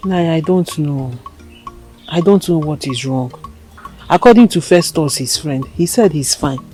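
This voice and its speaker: A worried young Nigerian wife in a family film drama. She sounds anxious and asks question after question. Her Nigerian accent is clear. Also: low voice, animated, a little slow, a little mellow, soft background music.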